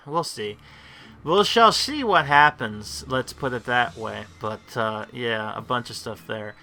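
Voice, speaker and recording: A man talks through his mobile game session as the channel's host, his voice very bright and cutting. He rambles casually, circling back and restarting his thoughts. His pitch sits in an ordinary middle range. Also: clear, resonant tone. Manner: rambling, lots of fillers and restarts. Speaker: gameplay host. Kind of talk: casual gameplay commentary.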